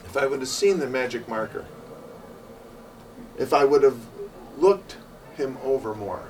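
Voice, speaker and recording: A man preaching to a congregation, telling a personal story and acting out the conversation in other voices. His voice is middle-pitched, and the mic sits a little way off with faint noise behind him. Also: expressive, unhurried, distant mic. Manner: storytelling, acts out both sides of conversations, asks the audience questions. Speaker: preacher teaching evangelism. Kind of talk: sermon with acted-out anecdotes.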